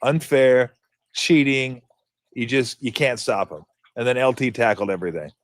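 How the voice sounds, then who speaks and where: A man's voice: medium pitch, a little fast, no room sound. A man in his fifties hosting a casual sports radio show, telling stories and imitating toy game beeps and buzzes. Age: 50s. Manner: animated storytelling, mimics game sound effects.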